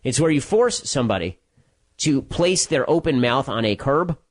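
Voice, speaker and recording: Sarcastic man with a lively voice. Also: mid-range voice. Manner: sarcastic, mocking asides; quick storytelling with repeated restarts. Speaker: political commentator. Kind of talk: solo commentary monologue.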